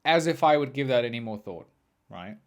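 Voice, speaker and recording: Young guy ranting thru a story on his podcast, swears a lot, voice jumps all over, mid pitch. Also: brisk. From South Africa. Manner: animated, profane, ranting. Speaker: podcast host. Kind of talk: storytelling monologue.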